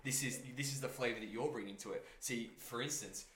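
A man's voice: mid-range voice, fairly quick, a bit bright, reverberant, poor audio. A man with an Australian accent hosting a podcast, telling a story in a rambling, sweary way full of "like". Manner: rambling, swears freely, lots of "like". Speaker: podcast host. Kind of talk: casual chat.

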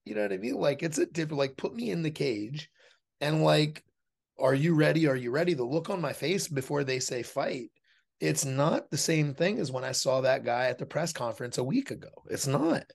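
Gravelly, husky-voiced man talking bluntly. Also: fairly high pitch, lively intonation, moderate pace. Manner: blunt and profane, acts out quoted voices. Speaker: podcast guest, fighter and dog trainer. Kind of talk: casual interview talk.

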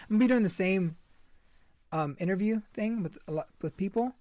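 A man's voice: high voice, fairly quick, dark tone. Laid-back young man, rambling casual chat. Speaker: podcast host.

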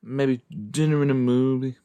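A man's voice: medium pitch, level tone, normal speed, dark tone, smooth, highs cut off. A man hosting a podcast, chatting casually as he reacts to an episode he is watching, with frequent exclamations and groans of disgust. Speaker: podcast host.

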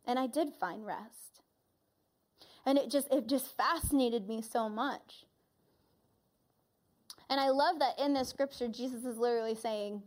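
Woman preaching, kinda high voice, earnest storytelling sermon. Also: unhurried, pauses often, darkish tone. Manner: storytelling a vision, earnest and reflective. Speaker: church leader preaching.

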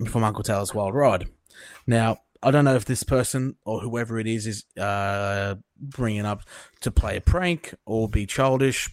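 Young Aussie podcast host, crude and blunt, dry close mic. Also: male voice, on the low side, no room sound. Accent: Australian. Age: young adult. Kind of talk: casual podcast chat.

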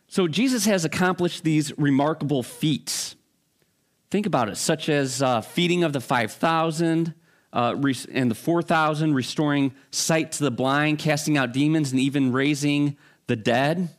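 A man's voice: on the high side, measured pace. Man preaching in a chatty teaching style. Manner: conversational, with fillers and restarts. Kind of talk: sermon teaching.

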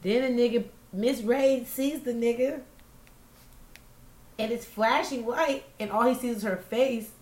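Animated profane woman telling a story. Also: fairly high pitch, a little slow, slightly rough. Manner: animated, profane, acts out quotes loudly. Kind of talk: casual storytelling chat.

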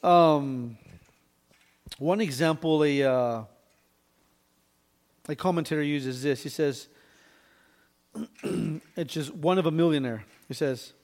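This sermon moves verse by verse, delivered by a pastor whose voice is fairly high yet darkish in tone. He throws in frequent quick "right?"s to his listeners and clears his throat from time to time.

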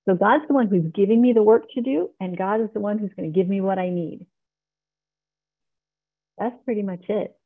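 A woman's voice: mid-range voice, normal speed, pauses often, breathy edge. Earnest woman sharing over tinny call. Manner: earnest and heartfelt. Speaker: member sharing at a recovery meeting. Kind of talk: personal testimony share. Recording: tinny online call audio.

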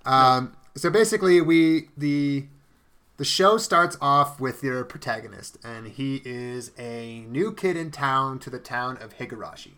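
A man's voice: mid-range voice, unhurried, fairly bright tone, clear, resonant tone. A young man co-hosting an anime podcast, ranting sarcastically with plenty of swearing. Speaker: podcast co-host. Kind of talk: casual chat, anime review podcast.

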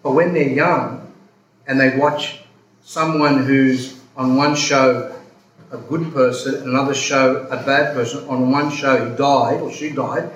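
Priest, roomy rambling talk. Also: male voice, medium pitch, fairly bright tone. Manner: rambling, self-interrupting storytelling. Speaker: Orthodox priest giving a talk. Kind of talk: casual spoken talk with questions. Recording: roomy hall, background noise.

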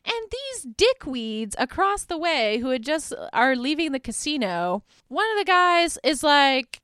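A young woman casually recapping a film's plot, animated and profane, with lots of filler words. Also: high voice, clean tone, dry recording, clean studio sound. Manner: animated, swearing, many "like"s and "um"s; acts out characters' lines in quick voices. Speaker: podcast host.

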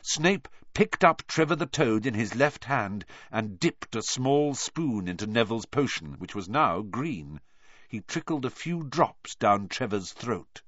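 A man narrating an audiobook in a lively, expressive reading style. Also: medium pitch, unhurried, dry recording, lo-fi sound.

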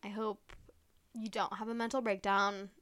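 A woman's voice: mid-range voice, flat delivery, normal speed, a bit bright, clean tone. A young woman hosting her own podcast, chatting casually on her own, gushing and full of "like" fillers, with playful, teasing asides. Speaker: podcast host. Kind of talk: casual solo podcast chat.

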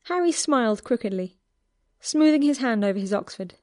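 A woman reading a fan fiction story aloud as narrator in an even, clear telling. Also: fairly high pitch, moderate pace, no room sound, studio quality.

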